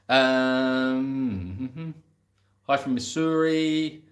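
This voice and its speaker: A man's voice: medium pitch, animated, normal speed, fairly bright tone. An English man hosting a casual live question-and-answer chat for an animal sanctuary, rambling and laughing at himself as he reads out viewer messages. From England. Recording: roomy echo.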